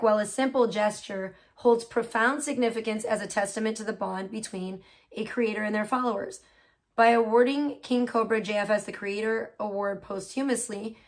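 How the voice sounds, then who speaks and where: A woman hosting a casual livestream, reading a petition aloud and reacting with feeling. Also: fairly high pitch. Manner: emotional and expressive, swearing at her computer. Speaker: livestream host.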